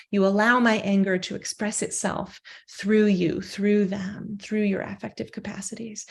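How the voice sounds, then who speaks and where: A woman with a mid-range voice lectures on philosophy in a measured, academic way. She often says "um" and tosses in a rhetorical "right?"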